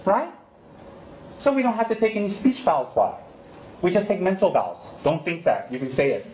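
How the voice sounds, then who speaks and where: Animated male Buddhist teacher, roomy lo-fi recording. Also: high voice, normal speed. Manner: animated and teasing, mimics excuses, repeats emphatic warnings. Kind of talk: unscripted dharma talk to students. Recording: roomy, dull lo-fi recording with faint hiss.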